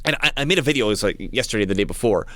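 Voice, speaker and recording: Bright-voiced man, halting monologue. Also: on the low side, animated, no echo. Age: adult with young child. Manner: halting, many restarts and stammered repeats. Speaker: channel host. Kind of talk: casual monologue to camera.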